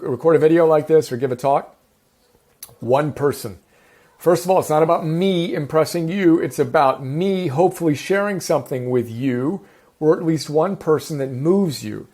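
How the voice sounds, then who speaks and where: A man teaching a self-improvement class in an energetic, enthusiastic, casual way, sometimes correcting himself mid-sentence. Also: fairly high pitch. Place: home in the countryside.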